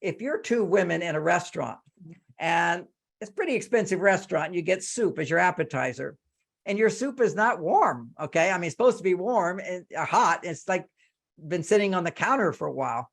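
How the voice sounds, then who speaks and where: An older man giving relationship advice on a video call, lively and animated, acting out quoted lines in a higher voice. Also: fairly quick, creaky. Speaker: relationship author giving a talk.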